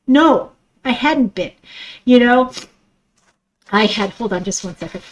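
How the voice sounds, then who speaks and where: A woman's voice: fairly high pitch, expressive, unhurried, low-quality recording. A middle-aged woman hosting a podcast, talking in a raw, emotional personal monologue, swearing freely and acting out her own thoughts, with a stuffy nose. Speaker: podcast host.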